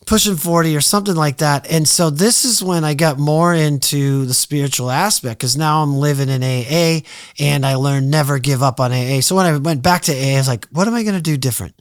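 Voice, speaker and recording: A middle-aged man, a podcast guest, telling his story in a casual, animated way, acting out his past thoughts and swearing freely. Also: a little high, fairly quick, clean tone, dry recording, studio quality.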